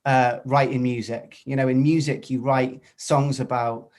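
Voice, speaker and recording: A Welsh man, a singer and radio presenter, talking as a podcast guest in an upbeat, chatty way with loud, cheery greetings. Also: mid-range voice, flat delivery, a little slow. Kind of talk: casual interview chat.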